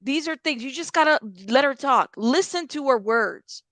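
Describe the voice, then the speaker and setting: Woman doing true crime reaction commentary, chatty, slightly high voice, dry close sound. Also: expressive, moderate pace, a bit bright, dry recording. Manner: chatty, addresses viewers directly.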